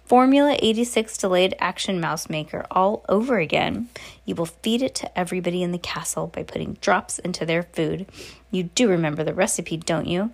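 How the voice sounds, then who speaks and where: A woman reading as a bossy, excitable old grandmother. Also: fairly low pitch, gravelly. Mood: excited. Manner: exclaiming, brisk and determined. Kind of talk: storybook read-aloud.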